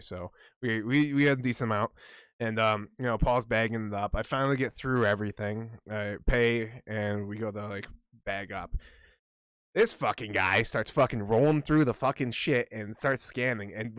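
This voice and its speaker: A man's voice: medium pitch, fairly bright tone, smooth, no echo, clean studio sound. A man co-hosting a podcast in casual chat, ranting heatedly and swearing a lot. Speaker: podcast co-host.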